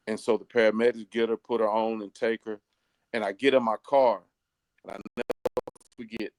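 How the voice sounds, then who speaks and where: A middle-aged man, a pastor, tells his life story with earnest feeling, slowing down to let the key moments land. His voice sits at an ordinary middle pitch, and the recording is dry and close, with no room sound. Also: no echo. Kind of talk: personal testimony in an interview.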